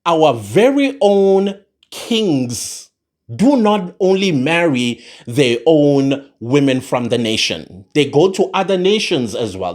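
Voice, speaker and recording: Guy ranting about politics, fired up, voice jumps up and down a lot, slightly high. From South Africa. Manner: impassioned, emphatic, repeats points for force. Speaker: commentator. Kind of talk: political commentary monologue.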